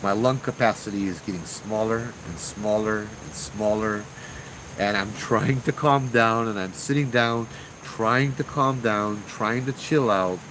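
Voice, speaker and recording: A man telling his own ghost story in a casual, slangy, animated way, acting out what people said. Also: lowish voice, a little slow, a little hiss or hum, low-quality recording.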